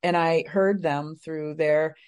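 A woman's voice: low voice, fairly even intonation, slow, darkish tone, clean tone. A middle-aged woman, a guest on an interview show, telling a personal story casually, with many fillers and rambling asides. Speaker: guest, psychic medium.

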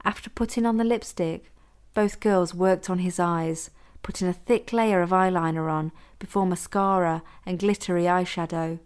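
A woman narrates her own story in a steady, measured audiobook reading. Her voice sits a bit low for a woman, even and unhurried. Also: clean tone.

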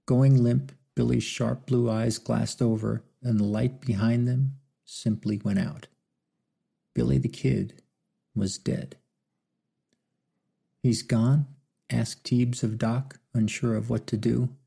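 A man narrating an audiobook in a measured, solemn storytelling manner. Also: mid-range voice, level tone, creaky, warm tone, breathy edge.

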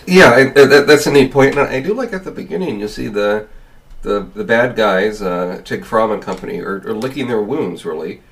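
A man's voice: fairly low pitch, expressive, moderate pace, fairly bright tone. A man co-hosting a podcast, chatting casually and hesitantly, often restarting his sentences. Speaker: podcast co-host. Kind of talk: casual review chat. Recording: voice a bit distant from the mic.

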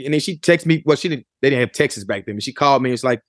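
A man's voice: medium pitch, racing, few pauses, no echo, clean studio sound. A middle-aged man from Memphis, a guest telling stories in a laid-back, casual way in an interview. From Memphis, Tennessee, USA. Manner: laid-back storytelling, frequent "you know what I'm saying". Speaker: rapper and producer, interview guest.

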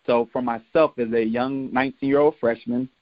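A man tells stories from his football years as a motivational talk and acts out the people he quotes. His voice sits at a middling pitch. The recording is dry and dull, with a lo-fi edge. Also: fairly even intonation, normal speed, no echo. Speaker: motivational speaker, former college football player. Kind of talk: storytelling talk.

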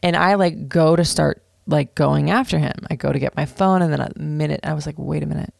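A woman in her thirties telling a personal story to camera in an animated, casual way, full of "like" and swearing freely. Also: low voice, fairly quick, vocal fry, no echo, studio quality. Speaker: vlogger. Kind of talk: storytime monologue.

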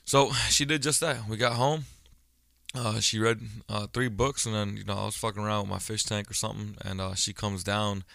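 A man's voice: fairly low pitch, fairly even intonation, moderate pace, gravelly, a bit bright, dry recording, clean studio sound. A man in his thirties talking casually on his own podcast, a blunt storyteller who swears freely. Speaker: podcast host. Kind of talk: casual solo podcast monologue.

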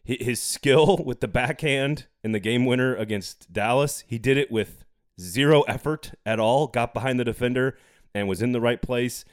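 A man hosting a sports podcast in casual chat, chatty and quick to laugh, steering the talk back on track. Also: medium pitch, dry recording, studio quality.

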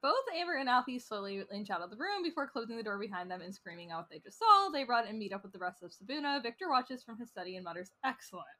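A woman podcast host briskly recapping a TV episode plot in casual chat, laughing often. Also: a little high, sing-song, sharp tone, dry recording.

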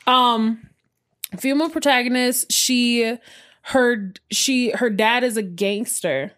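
A woman in casual, animated chat who swears a lot and jumps into quick asides. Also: on the high side.

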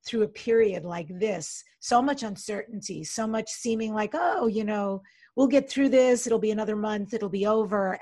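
A woman's voice: medium pitch, dry recording, clean studio sound. A woman hosting an interview, asking questions in an eager, engaged way. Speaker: podcast host.

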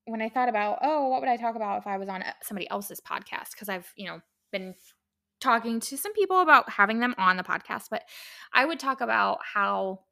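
A woman's voice: a little high, expressive, fairly quick, vocal fry, pushed and bright. A young woman hosting her own podcast, talking casually and heartfelt, rambling with many fillers and restarts. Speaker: podcast host. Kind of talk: casual solo podcast talk.

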